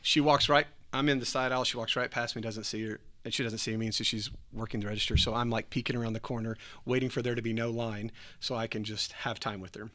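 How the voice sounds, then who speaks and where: Bright-voiced man telling a story. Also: medium pitch, quick pace, few pauses. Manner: animated, acts out quoted voices, laughs often. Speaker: church podcast host. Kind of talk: casual storytelling.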